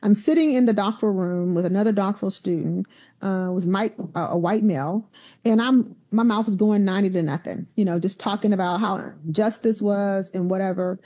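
A university president tells stories in a conversational interview, animated and acting out the voices of the people she quotes. Her medium-pitched voice moves a little fast, and the sound is lo-fi.

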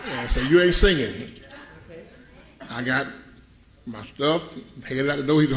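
A middle-aged man preaching a sermon, telling a comic story in a folksy, animated way with loud bursts. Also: on the high side, normal speed, long pauses, reverberant. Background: congregation laughing.

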